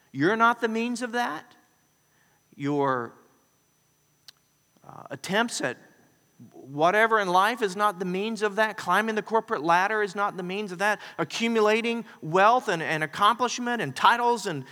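Bright-voiced male pastor in a hall. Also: high voice. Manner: animated, acts out scenes and quotes. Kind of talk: sermon. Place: large hall with long reverb. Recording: reverberant church hall.

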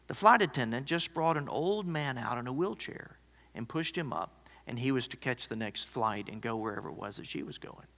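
A man preaching a sermon, telling a story that swings from loud to hushed. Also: mid-range voice, sing-song, moderate pace, vocal fry. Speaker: pastor. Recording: long hall reverb.

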